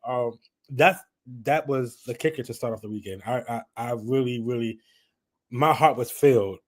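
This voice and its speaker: A man's voice: medium pitch, normal speed. A man, chatting and laughing as he hosts a live stream. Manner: chatty, laughing, lively retelling. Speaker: livestream host. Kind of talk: casual live chat.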